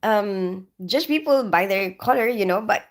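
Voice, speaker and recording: A woman's voice: medium pitch, animated, measured pace. A woman hosting a casual livestream from her bedroom, chatting and answering viewers by name as she reads their comments. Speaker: livestream host.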